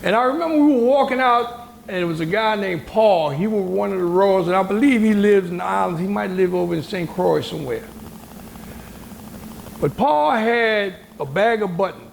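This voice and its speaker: A gravelly, high voice belongs to this older American man, who narrates a story at a moderate pace as a guest on a university panel. Emphatic and colloquial, he brings the story to life by acting out others' speech. The moderated discussion is recorded with roomy hall sound and a little hiss or hum.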